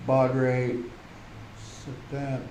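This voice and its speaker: Man presenting at a club meeting, halting delivery, roomy sound with a faint hum. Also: medium pitch, completely flat delivery, a little mellow. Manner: slow, halting, reads off menu items. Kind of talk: walking through software settings.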